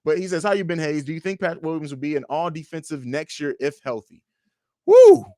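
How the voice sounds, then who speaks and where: A young man hosting a casual livestream, reading viewer comments aloud and answering them in a blunt, profane, animated way. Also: on the high side, quick pace, no echo, clean studio sound. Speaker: livestream host.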